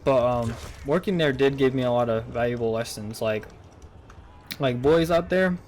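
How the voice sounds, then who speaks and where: A man's voice: medium pitch, normal speed, darkish tone, a little hiss or hum. A young man telling a casual, rambling story straight to his viewers, full of swearing and incredulous outbursts. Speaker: vlogger.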